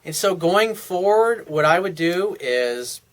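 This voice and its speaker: A man's voice: high-pitched, lively intonation, slow. A man talking as a dating coach, giving casual advice in a blunt, frank and profane way, often restarting his sentences.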